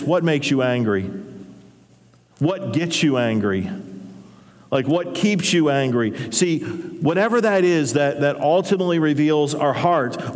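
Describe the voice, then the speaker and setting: A man preaching a sermon in a church, speaking in a conversational way and acting out the grumbling voices of his listeners. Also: fairly high pitch. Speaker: pastor. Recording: long hall reverb.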